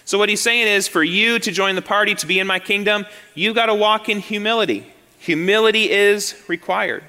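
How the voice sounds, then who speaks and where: A man preaching a sermon as pastor, his voice pitched high and sounding bright and forceful. He drives his points home by repeating phrases and posing rhetorical questions. The sound rings with the long reverb of a church sanctuary. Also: fairly quick.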